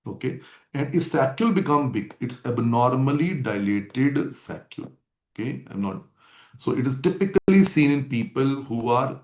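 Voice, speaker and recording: A man gives a medical lecture and repeats the key points over and over for his students. His pitch sits in an ordinary middle range, and the room adds a noticeable echo. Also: a little mellow. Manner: repetitive, drilling key terms. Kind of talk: classroom lecture.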